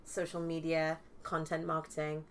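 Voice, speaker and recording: A woman's voice: sits low, monotone, moderate pace, a little hiss or hum. A young woman from northeast England, chatting casually as a podcast guest, with lots of fillers and restarts. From Newcastle upon Tyne, England. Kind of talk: casual chat.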